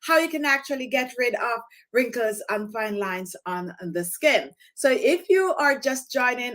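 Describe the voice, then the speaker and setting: A woman's voice: high-pitched, fairly bright tone. A woman hosting a live skincare stream from home, chatting directly to her viewers. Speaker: skincare channel host.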